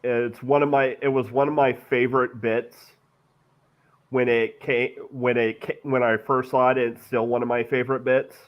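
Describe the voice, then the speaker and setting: A man co-hosting a podcast, talking haltingly about films and repeating words as he gathers his thoughts. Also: medium pitch, flat delivery. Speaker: podcast co-host. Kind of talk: casual film discussion. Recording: dull lo-fi mic.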